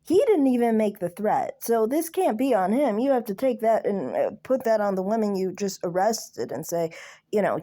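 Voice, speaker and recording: Mellow-voiced woman guest, hesitant, lots of um and you know. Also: mid-range voice, very animated. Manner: measured, hesitant, with fillers. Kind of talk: casual discussion.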